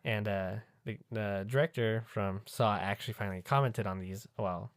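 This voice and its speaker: A podcast co-host with a fairly low, steady voice chats casually at a moderate pace, joking crudely and laughing often. The sound is clean studio audio with no room sound.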